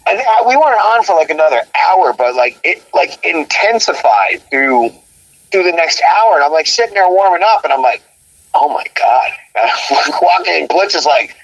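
A man guest in a casual interview, telling road stories in an animated way, acting out quotes and laughing often. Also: a little high, moderate pace, no room sound, rough recording.

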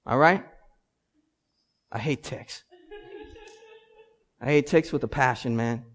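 A man in his thirties preaching a sermon as pastor, animated and building to loud emphatic peaks. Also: mid-range voice, slow pace. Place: church sanctuary. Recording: long hall reverb.

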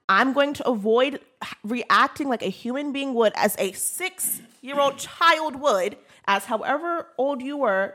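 A woman's voice: on the high side, a bit bright. A woman making her case firmly as a guest in a casual podcast discussion. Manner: emphatic, argumentative.

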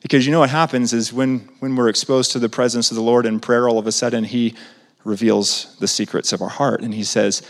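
A male pastor preaching in a conversational, animated way, firing questions at the congregation. His mid-pitched voice swings between loud and soft. A long reverb trails off the walls of the sanctuary. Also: moderate pace. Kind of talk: sermon.

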